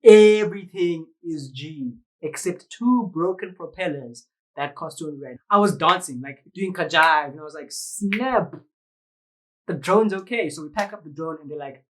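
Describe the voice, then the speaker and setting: A man's voice: a little high, moderate pace, hardly any pauses, rough recording. A man with a South African accent, a vlogger animatedly telling a story to the camera, full of slang and sound effects. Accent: South African English. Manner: lively, slangy, uses sound effects and quoted voices.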